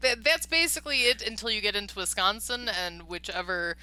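Bright-voiced playful woman from Chicago. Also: mid-range voice, fairly quick, rough recording. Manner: playful, joking, animated storytelling. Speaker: podcast co-host. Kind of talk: casual chat.

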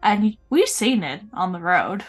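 A mid-pitched woman co-hosting a casual podcast, rambling along with many filler words. Faint music plays behind her. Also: sing-song, measured pace, husky. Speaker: podcast co-host.

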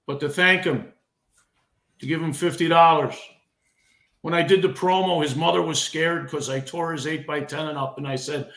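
Brief: emotional middle-aged veteran wrestler, a touch high, impassioned with stumbling restarts, echoey room. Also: male voice, fairly even intonation, moderate pace, fairly bright tone. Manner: impassioned, repeats and restarts words. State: emotional, getting heated. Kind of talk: podcast interview.

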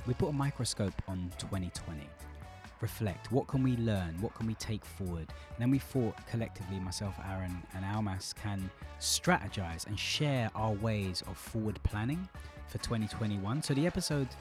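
Relaxed man, low voice. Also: moderate pace, music in the background. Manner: joking, teasing. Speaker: podcast host. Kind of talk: casual chat. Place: remote call.

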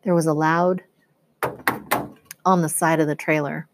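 A woman teacher reading a novel chapter aloud in a steady, expressive storytelling manner. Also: sits low, measured pace, background noise.

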